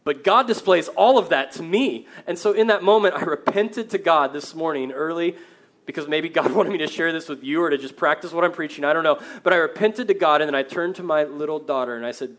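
A man in his thirties, a pastor preaching a sermon, earnest, moving between loud emphasis and quiet, reflective passages. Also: on the high side, fairly quick.

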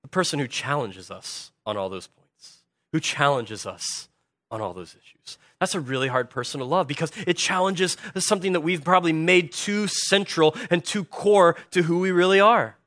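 A man preaching a sermon as a pastor, swinging from hushed earnest lines to loud animated bursts. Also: a little high, normal speed, dry recording, studio quality.

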